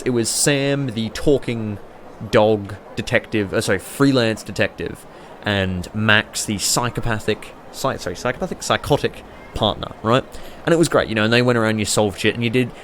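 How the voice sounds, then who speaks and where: A man rambling excitably and swearing freely as he chats casually over a city-building game. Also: medium pitch, brisk, slight background noise. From Australia. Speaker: YouTuber playing a city-builder.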